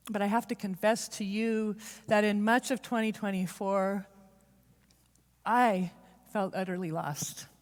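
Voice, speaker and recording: A woman's voice: mid-range voice, darkish tone. Heartfelt woman preaching in a reverberant church. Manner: heartfelt, confessional, speeds up and slows down for emphasis. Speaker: church speaker. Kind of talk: personal storytelling sermon. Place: church sanctuary. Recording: long reverb of a large hall.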